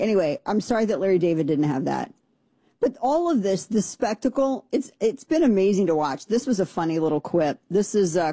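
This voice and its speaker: A woman's voice: on the low side, mellow, slightly rough, dry recording. A woman in her thirties hosting a commentary show, chatty and sarcastic, rambling with restarts. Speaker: podcast host. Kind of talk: opinionated commentary.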